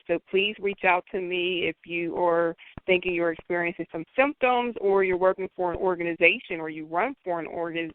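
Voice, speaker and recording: A woman guest with a lowish voice, speaking in a measured and earnest way as she spells out details. The sound is dry and narrow, like a phone line. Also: no echo. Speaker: social worker, guest. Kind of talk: interview guest giving contact info.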